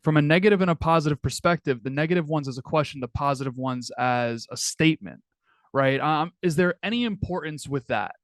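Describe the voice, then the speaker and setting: A man's voice: on the high side, brisk, no echo. Man, new york accent, podcast host, curious questions, dry close sound. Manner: curious, probing follow-up questions. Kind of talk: interview questions.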